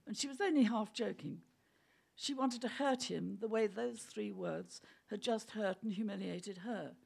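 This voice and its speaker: A woman's voice: mid-range voice, a little slow, creaky, a little mellow, slightly rough. A woman reading a story aloud, amused and often breaking into laughter. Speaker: reader.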